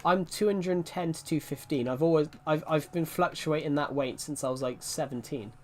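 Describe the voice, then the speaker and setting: A man's voice: fairly high pitch, moderate pace. A man in his twenties chatting casually on a game stream, rambling, joking and swearing. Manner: laughing, swearing, rambling, jokey. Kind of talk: casual live-stream chat.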